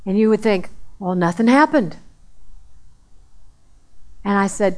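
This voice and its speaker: A woman's voice: mid-range voice, lively intonation, takes it slowly, a little mellow. A woman preaching a sermon in a conversational way, repeating phrases for emphasis.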